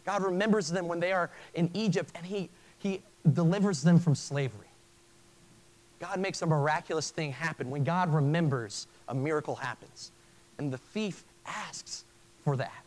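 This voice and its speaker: Earnest preaching man, halting restarts. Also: fairly high pitch, rough recording. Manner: earnest, with frequent stammered restarts. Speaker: pastor. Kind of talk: sermon.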